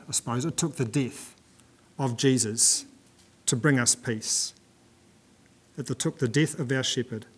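Man preaching a conversational sermon. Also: a little high. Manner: conversational, with fillers and restarts. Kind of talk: sermon with scripture reading. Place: church.

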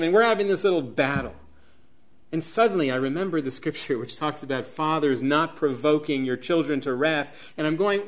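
Dramatic preacher, hushed to booming. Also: male voice, brisk. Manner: dramatic, swings from hushed near-whispers to loud emphatic peaks. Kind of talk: sermon.

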